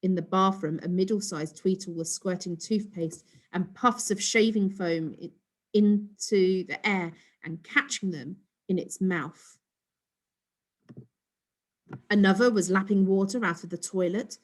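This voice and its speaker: A woman's voice: mid-range voice, unhurried. Woman reading a children's storybook. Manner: expressive, steady storytelling. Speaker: storybook reader. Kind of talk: reading a children's book aloud.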